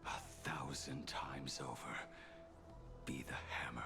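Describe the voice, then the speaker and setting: A man voicing a grim immortal swordsman bent on vengeance, speaking slowly and solemnly in a hushed, breathy half-whisper. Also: very deep voice, steady tone, heavily acted. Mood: grim, menacing. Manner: slow, solemn, menacing. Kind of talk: video game voice acting. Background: game music.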